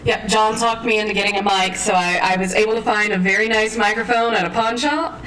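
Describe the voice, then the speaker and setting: A woman's voice: mid-range voice, a little fast, fairly bright tone, reverberant, recorded from a distance, a little hiss or hum, rough recording. A woman on a video call playfully showing off her radio voice. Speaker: class participant demonstrating a microphone. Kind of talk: casual chat.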